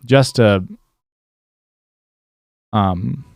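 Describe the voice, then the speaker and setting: A man's voice: on the low side, extremely slow, gravelly, no echo. A young man with a Midwestern accent casually talking through a game stream, rambling with lots of fillers and restarts. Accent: Midwestern American. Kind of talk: casual gameplay commentary.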